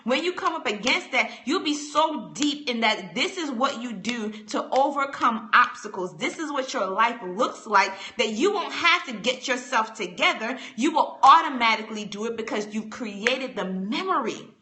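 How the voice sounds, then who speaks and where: Bright, energetic woman giving a motivational talk. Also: on the high side, normal speed, few pauses. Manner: energetic, emphatic, repeats phrases for effect. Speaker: motivational host. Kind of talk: live-stream motivational talk. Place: home live stream.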